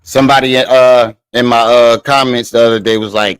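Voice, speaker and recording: A man's voice: medium pitch, fairly even intonation, normal speed, few pauses, smooth, dry recording. Laid-back profane man on a home livestream. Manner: profane, laid-back, laughs at himself while reading comments. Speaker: livestream host. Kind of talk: casual livestream chat with viewers. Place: his living room at home.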